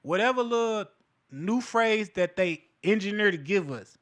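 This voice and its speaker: Male host, casual profane commentary, high bright voice. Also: normal speed. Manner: animated and profane, laughs between points. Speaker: show host. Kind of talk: casual cultural commentary monologue.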